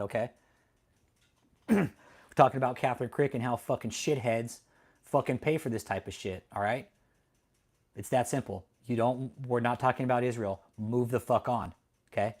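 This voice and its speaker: A man's voice: mid-range voice, a little mellow. A man hosting a livestream, talking casually and heatedly to his chat, swearing a lot and often laughing. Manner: talks directly to chat viewers. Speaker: livestream host.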